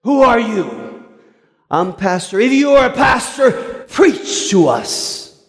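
A preacher voicing a drunk man who loudly makes demands in a slow, drawn-out shout. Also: high-pitched, big pitch swings, vocal fry, long reverb tail, voice pushed up, exaggerated voice. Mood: demanding.

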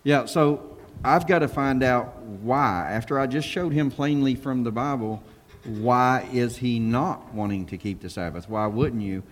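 A man, a pastor, talking casually on a panel and telling stories in an animated way, acting out what people said. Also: medium pitch, unhurried, long reverb tail. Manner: animated storyteller who acts out quotes and laughs.

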